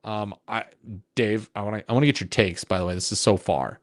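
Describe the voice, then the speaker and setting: A man co-hosting a sports podcast, talking in an animated, emphatic way in long runs. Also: on the low side, brisk, no echo, studio quality. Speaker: podcast co-host. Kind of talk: casual sports podcast chat.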